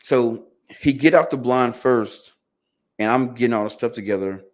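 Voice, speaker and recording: A podcast guest with a medium-pitched voice talks at a moderate pace, spinning a long, loosely told story. He's animated, acting out the things his family members said.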